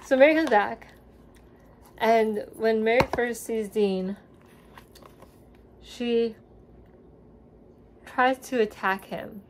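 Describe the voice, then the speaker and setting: This young woman's voice is a little high, and she speaks slowly with long pauses over a faint hiss or hum. She rambles casually about a TV series in a vlog at home, using many ums and likes, with her dog nearby. She relocated from Seattle at five and grew up in the US South.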